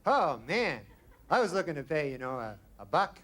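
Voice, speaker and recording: A male stand-up comedian with a high-pitched, deadpan delivery. He rambles through his bits with trailing asides. The live recording carries a steady layer of noise. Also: normal speed.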